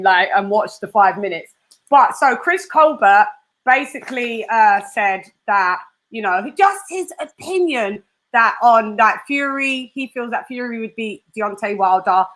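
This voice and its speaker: Bright-voiced chatty woman host. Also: on the high side. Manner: animated, laughing, mimics voices. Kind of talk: casual live-stream chat.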